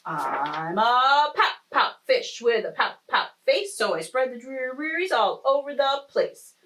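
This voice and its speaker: A woman voicing a glum, gloomy male fish in a picture book, chanting his lines slowly in a drawn-out sing-song. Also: mid-range voice, very animated. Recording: distant mic.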